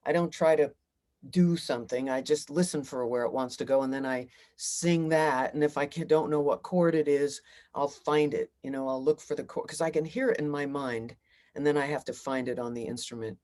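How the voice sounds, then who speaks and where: A woman's voice: low-pitched, steady tone, moderate pace, a little mellow. A middle-aged woman, a singer-songwriter, talking reflectively in a casual interview.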